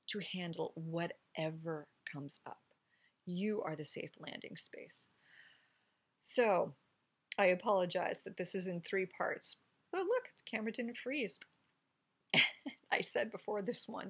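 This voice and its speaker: A middle-aged woman giving an informal spiritual sermon to a camera, speaking softly and meditatively and often sinking into whispered affirmations. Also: lowish voice, breathy edge. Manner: soft and meditative, drifting into hushed whispered affirmations. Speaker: pastor. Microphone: camera mic.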